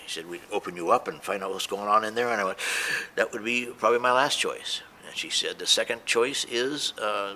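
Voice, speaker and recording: A man's voice: on the low side, sharp tone. A man giving an unscripted, emotional testimonial as a patient, hesitant, with many fillers and restarts.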